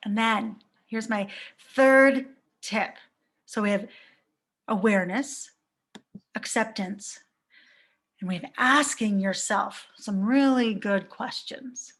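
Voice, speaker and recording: A woman's voice: medium pitch, takes it slowly, a bit bright. A woman in her thirties, a life coach giving a reflective live talk to viewers and asking many rhetorical questions.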